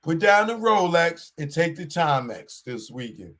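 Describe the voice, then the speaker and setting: A man hosting a show, giving a casual commentary monologue in animated street talk and repeating his warnings. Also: on the high side, unhurried. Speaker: show host.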